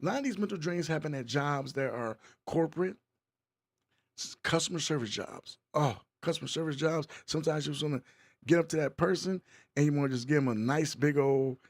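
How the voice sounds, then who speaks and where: A man's voice: fairly high pitch, fairly quick. A man hosting his podcast, calling for applause and talking loosely about mental wellness. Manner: hyped crowd-work, repetitive, loose. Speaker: podcast host. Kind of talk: casual hosting monologue.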